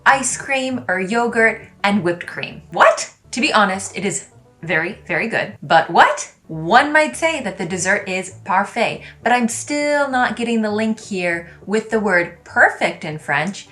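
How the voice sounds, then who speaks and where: A woman's voice: mid-range voice, expressive, unhurried, fairly bright tone, faint music behind. A woman hosting a casual video lesson, bubbly and chatty with playful asides. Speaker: language YouTuber.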